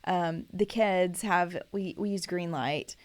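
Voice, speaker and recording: A woman in her thirties co-hosting a podcast, telling practical stories in a relaxed, casual way. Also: fairly low pitch, slow. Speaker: podcast co-host. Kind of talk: casual chat.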